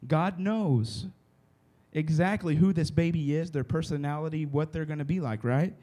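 In a room with a live audience, a man gives a casual sermon to a youth group, speaking conversationally and often stopping to check that listeners follow along. His voice is fairly high and warm, at a normal speed.

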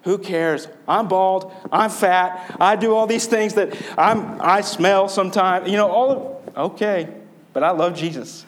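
A man preaches with a slightly raised pitch, earnest and conversational as he talks with his congregation. He keeps asking rhetorical questions to draw his listeners in. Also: unhurried. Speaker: pastor. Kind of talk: sermon.

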